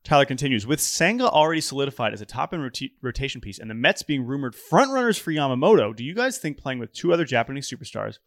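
Man, podcast co-host, gravelly voice, chatty and jokey, dry close sound. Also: medium pitch, big pitch swings, fast talker, hardly any pauses, no echo. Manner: chatty, jokey, many restarts. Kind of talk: casual chat, reading listener emails.

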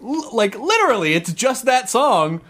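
A man's voice: very high-pitched, sing-song, moderate pace, a bit bright. A man hosting a casual podcast chat, playful and riffing, often restarting his sentences. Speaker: podcast host.

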